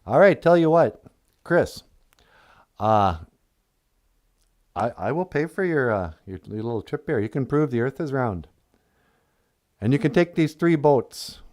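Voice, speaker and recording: A man's voice: mid-range voice, animated, a little slow, long pauses, darkish tone, close to an everyday voice. A man voicing a queen who talks in a casual, offhand, chatty way. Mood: breezy. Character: breezy, generous queen, a woman.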